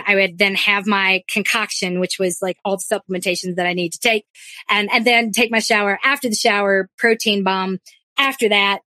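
A woman co-hosting a podcast, telling a lively story in a casual chat, quick and full of restarts. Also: mid-range voice, dry recording. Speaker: podcast co-host.

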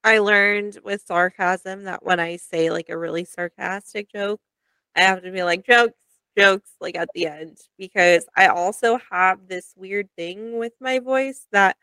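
A woman's voice: medium pitch, unhurried, clean tone, no echo. A woman co-hosting a podcast in casual chat, telling stories animatedly and laughing at herself. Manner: animated storytelling with self-mocking laughs. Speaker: podcast co-host.

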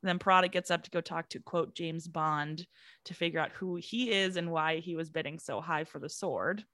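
A woman's voice: low-pitched, normal speed, fairly bright tone, no room sound, studio quality. A woman co-hosting a podcast in casual chat, recapping a TV episode, laughing often and acting out quoted lines. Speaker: podcast co-host.

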